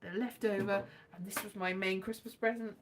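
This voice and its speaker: A woman's voice: medium pitch, fairly even intonation, a little fast, slight background noise. A woman hosting a casual live chat, rambling and self-mocking, now and then breaking into sung lines. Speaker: livestream host.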